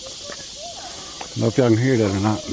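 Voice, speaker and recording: A middle-aged man with a Louisiana accent rambles and jokes his way through a forest hike, talking into a handheld camera. His voice is gravelly and swings widely in pitch. Faint outdoor noise sits under the recording. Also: wildly swooping pitch, normal speed. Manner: rambling, joking, folksy. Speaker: vlogger. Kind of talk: casual hiking vlog narration.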